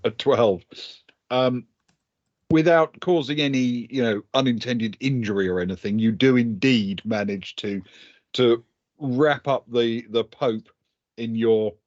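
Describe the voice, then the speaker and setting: A man's voice: medium pitch, measured pace, no echo, muffled recording. Chuckling man running a tabletop game. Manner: chuckling, hesitant with many fillers. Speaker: game master.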